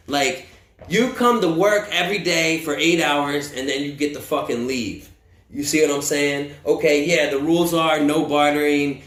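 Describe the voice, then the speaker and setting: A man with a slightly high voice tells a wild story casually, swearing freely and acting out the people in it. His voice rings a little in a roomy, echoey space. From United States. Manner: profane, animated, acts out quotes. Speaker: vlogger telling a story. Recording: roomy echo.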